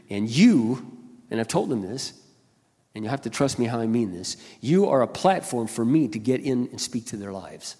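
A man preaching a sermon as a pastor, passionate, dropping to quiet asides and then rising to loud exclamations. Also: medium pitch, sing-song, normal speed. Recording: long hall reverb.

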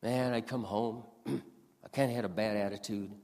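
A man's voice: lowish voice, fairly even intonation, normal speed, darkish tone. Emphatic man preaching in a hall. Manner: earnest, emphatic, repeats lines for stress. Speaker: pastor. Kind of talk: sermon. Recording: long hall reverb.

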